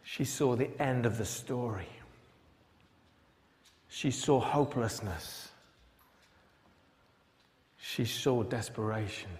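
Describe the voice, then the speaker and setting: A man's voice: medium pitch, takes it slowly, pauses often, darkish tone. A male pastor preaching a sermon. He retells a Bible story dramatically and asks many rhetorical questions. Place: large church. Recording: long church reverb.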